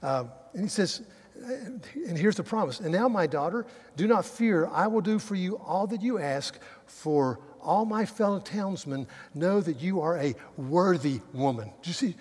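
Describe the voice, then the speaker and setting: A man preaching a sermon. He stumbles over restarts and swings from loud emphasis to quiet asides. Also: sits high, lively intonation, measured pace, breathy edge. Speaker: pastor. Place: church sanctuary. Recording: long reverb of a large hall.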